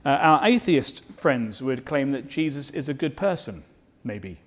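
A man's voice: medium pitch, animated, a little slow. A man preaching a sermon, earnest and fervent, asking the listeners rhetorical questions. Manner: earnest, rising to fervent declarations.

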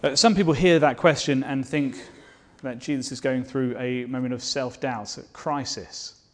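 Male preacher, mid-pitched, earnest sermon delivery that builds to fervent declarations. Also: fairly even intonation, moderate pace. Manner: rhetorical questions to the listeners.

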